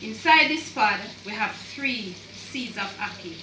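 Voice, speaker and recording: A woman's voice: medium pitch, animated, a little slow, background noise. A Jamaican woman doing a casual cooking demonstration in her home kitchen, chatty and repetitive, with creole words mixed in. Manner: chatty, repeats phrases, mixes in Jamaican creole. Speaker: home cook. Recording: echoey kitchen, far from mic, sizzling pan. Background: frying and sizzling.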